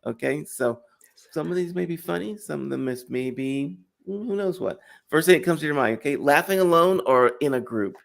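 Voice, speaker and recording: A man hosting an interview show, enthusiastic and chatty, quick to laugh. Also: a little high, animated, gravelly. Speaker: show host. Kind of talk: casual interview chat.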